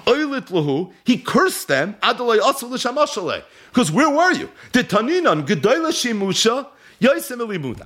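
A man's voice: a little high, a bit bright. A man giving a Torah lesson, reading Aramaic source lines and retelling them as a story, half-chanting the text. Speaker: Torah teacher. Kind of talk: Talmud and Zohar lecture, reading Aramaic and translating.

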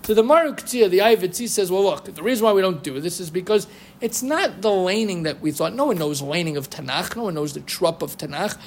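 A man giving a lively lecture on Jewish law, quoting rabbinic sources and chanting Hebrew phrases. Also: high-pitched, brisk. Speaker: Torah teacher. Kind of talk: halachic lecture.

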